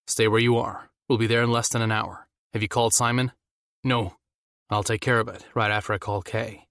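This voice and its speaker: A man's voice: lowish voice, little pitch movement, fairly quick, fairly bright tone, no room sound, clean studio sound. A man voicing a take-charge adult man who speaks firmly and urgently.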